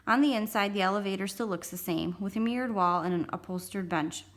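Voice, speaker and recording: A woman reading a children's chapter book aloud as a storytime host, calm first-person narration. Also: mid-range voice, a little fast. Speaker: storytime reader.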